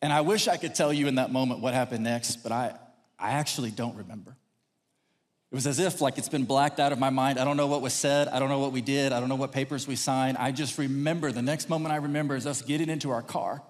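A pastor from Texas preaching a sermon, telling personal stories with lively acted-out quotes. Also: male voice, medium pitch, fast talker, few pauses. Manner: animated, acts out quotes in raised voice. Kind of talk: sermon storytelling. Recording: long hall reverb.

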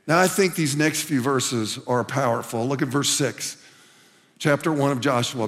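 With a medium-pitched, fairly bright voice at a moderate pace, a pastor earnestly preaches to a congregation, repeating lines for emphasis and calling them "guys." The church hall is large, with long reverb.

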